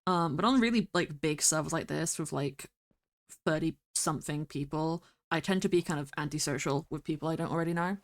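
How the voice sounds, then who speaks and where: A woman streamer rambling through casual gameplay commentary, talking to herself with bursts of excited exclamations. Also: low-pitched, brisk. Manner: chatty, rambling self-talk with excited exclamations. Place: home streaming setup.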